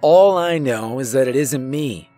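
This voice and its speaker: A man's voice: mid-range voice, expressive, measured pace, warm tone, soft background music, close to an everyday voice. A man doing a cocky, skeptical teen boy.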